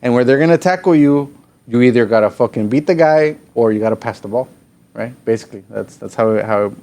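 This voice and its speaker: A man's voice: medium pitch, animated, fairly quick, darkish tone. Male guest, mid-range voice, loose profane storyteller, drops Spanish phrases. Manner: profane, rambling, slips into Spanish. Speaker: podcast guest. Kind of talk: casual storytelling chat.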